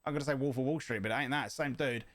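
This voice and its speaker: Hyped young guy reacting live, yelling at chat, really dry close sound. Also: mid-range voice, rapid-fire, no echo. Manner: excitable, shouty, jokey, talks to chat. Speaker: streamer reacting to a video.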